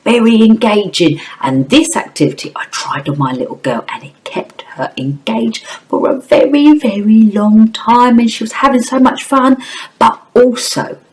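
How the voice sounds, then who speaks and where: A woman's voice: fairly high pitch, expressive, unhurried, rough recording. A woman teacher giving a phonics lesson to young children, in an exaggerated, coaxing sing-song. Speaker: primary school teacher.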